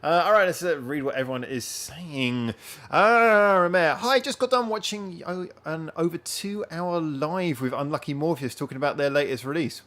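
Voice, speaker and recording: A man's voice: fairly high pitch, normal speed, a bit bright. A man hosting a casual live-stream chat from home, rambling and chatting directly to his viewers. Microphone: wearing headphones.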